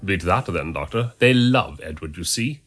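Man reading a scheming monk, sneering, lively pitch, storybook villain. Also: normal speed, faint music behind. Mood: smug. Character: smug scheming male monk.

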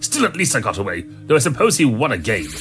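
Man reading a scheming monk, sneering, lively pitch, storybook villain. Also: quick pace, soft background music. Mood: smug. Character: smug scheming male monk.

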